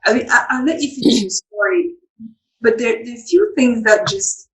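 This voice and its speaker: A woman's voice: on the high side, lively intonation, normal speed, rough recording. A woman hosting an interview who reflects aloud and restarts her sentences as she thinks. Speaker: host. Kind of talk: interview conversation.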